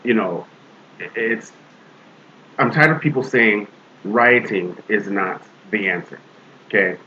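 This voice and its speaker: A man with a fairly low voice talks earnestly on a casual podcast, stopping and restarting often. The audio is dull and lo-fi, with a faint hiss underneath. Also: sharp tone. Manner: earnest, halting, many restarts, acts out quoted voices. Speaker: podcast co-host.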